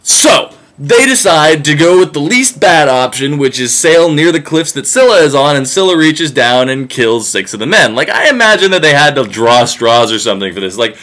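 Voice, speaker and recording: Guy doing a sarcastic sweary myth retelling, bouncy animated voice. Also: fairly high pitch, moderate pace, hardly any pauses. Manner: casual, sarcastic, profane. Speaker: comic narrator. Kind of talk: irreverent comic myth retelling.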